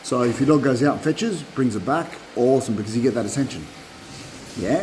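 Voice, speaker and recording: A middle-aged man giving dog-training advice in a casual, animated way, repeating points and acting out dog voices, recorded on a propped-up phone. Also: mid-range voice, a little fast, background noise. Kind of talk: casual instructional talk.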